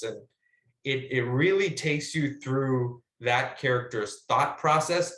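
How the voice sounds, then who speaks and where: A man, a guest actor, chatting casually about his craft in an animated, rambling way with plenty of fillers and the odd swear word, over a video call. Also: medium pitch, slow, roomy sound. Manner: animated, rambling storyteller with filler words and profanity. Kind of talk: casual conversational teaching.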